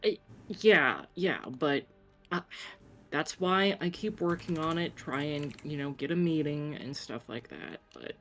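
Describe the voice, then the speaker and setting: A woman's voice: deep voice, animated, measured pace, soft background music. Hesitant woman player at a tabletop game. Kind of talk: tabletop role-play chat.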